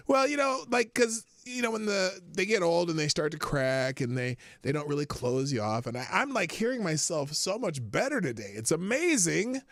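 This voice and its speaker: Brief: rambling, profane male livestream host, gravelly and fairly high, dry close sound. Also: very animated, normal speed, fairly bright tone, dry recording. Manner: rambling, profane, chuckling often. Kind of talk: casual livestream chat. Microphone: headphones with desk mic.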